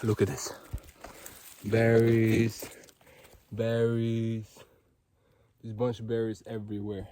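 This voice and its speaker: A man from Norway, Norwegian-accented and lowish in pitch, speaks slowly and pauses often while vlogging on a casual forest walk on a hot day. Slight background noise is present as he gushes excitably and rambles with plenty of fillers.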